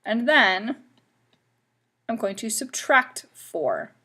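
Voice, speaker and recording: Woman math teacher, recorded lesson, patient step-by-step explainer, a little high-pitched. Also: sing-song, drawn-out words, bright, forceful tone, slightly rough. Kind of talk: classroom math lesson video.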